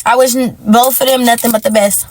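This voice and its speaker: A woman tells a dating story in a high, animated voice, talking straight to her viewers. She exclaims and calls them y'all. A faint hiss sits under the recording. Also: brisk, rough recording. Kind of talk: casual story time.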